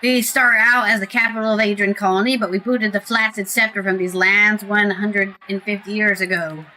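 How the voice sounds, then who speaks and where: A woman reading a gruff, scornful male townsman agitator in a loose British accent, in a bright voice. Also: mid-range voice, level tone, moderate pace, close to an everyday voice, poor audio. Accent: British attempt.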